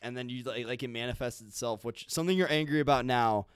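Young dude guesting on a podcast, rambly and jokey, lots of likes, dry sound. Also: male voice, mid-range voice, fast talker, clear, resonant tone, no echo. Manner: rambling, filler-heavy, jokey. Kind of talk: casual chat.

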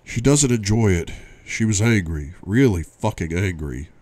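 A man voicing a brooding, quick-tempered young man in an audiobook reading, with tense, clipped replies. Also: on the low side, lively intonation, a little mellow, dry recording, pitched above the performer's own voice. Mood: tormented.

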